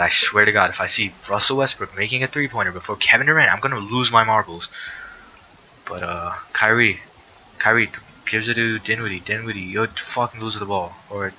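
Young male streamer, sharp bright tone, low-ish voice, excitable play-by-play full of cursing and groans, dull lo-fi mic. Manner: excitable, swearing, exasperated outbursts. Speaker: sim league streamer. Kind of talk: live game commentary. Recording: dull lo-fi mic with faint noise.

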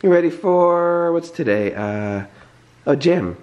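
A young man with a hoarse, sick voice, chatting casually in a morning home vlog and clearing his throat often. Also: a little high, animated, slow, darkish tone. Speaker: vlogger.

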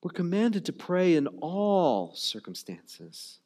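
This pastor delivers his sermon conversationally, often saying "you know" and "like" and repeating words while looking for the right phrasing. His dark-toned voice sits high, swings widely in pitch and moves at a slow pace.

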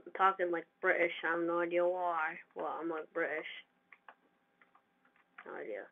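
Excitable gamer on a tinny mic. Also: mid-range voice, normal speed, creaky. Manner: excitable, trash-talking the other players. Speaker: gamer narrating own play. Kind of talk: casual gameplay commentary. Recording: tinny lo-fi mic with faint hiss.

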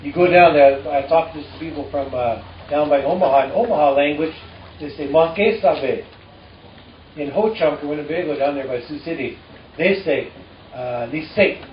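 A man teaching a live audience in a relaxed way, speaking haltingly with many fillers and dry jokes. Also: fairly high pitch, a little hiss or hum. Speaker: musician and storyteller addressing an audience. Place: live performance before an audience. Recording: distant, roomy and dull with faint ambience.

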